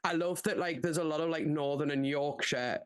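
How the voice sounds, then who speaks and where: A man's voice: on the high side, normal speed, smooth. A man with a Northern English accent co-hosting a casual film podcast, agreeable and chatty. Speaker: podcast co-host. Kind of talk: casual film review chat.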